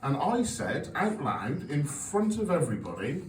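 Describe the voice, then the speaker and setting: A man's voice: fairly high pitch, big pitch swings, moderate pace, few pauses, darkish tone, a little hiss or hum. A man in his forties doing a stand-up comedy set, telling sweary, self-mocking stories with an audience laughing along. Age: 40s. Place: comedy club stage. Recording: echoey venue, taped from a distance.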